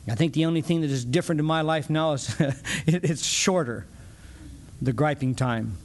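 A man preaching a conversational sermon in a folksy, animated way, acting out dialogues and chuckling often. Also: medium pitch, normal speed, gravelly.

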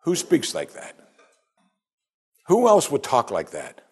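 A man's voice: a little high, huge pitch swings, slow, a little mellow, husky. A man preaching a sermon, talking emphatically and asking rhetorical questions again and again.

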